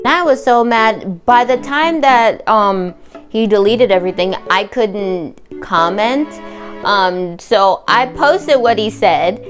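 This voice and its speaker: A woman's voice: mid-range voice, takes it slowly, faint music behind. A woman hosting a reaction vlog, talking in a heated, indignant and sarcastic way. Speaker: reaction channel host. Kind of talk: angry commentary vlog.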